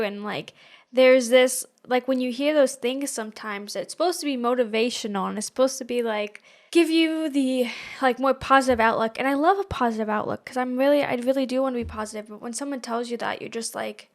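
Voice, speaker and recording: A young woman with a fairly high voice, chatting as a podcast co-host. She talks loosely and frankly, with plenty of "like" and "you know" and frequent laughs. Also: normal speed. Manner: chatty, laughs often, many fillers. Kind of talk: casual podcast chat.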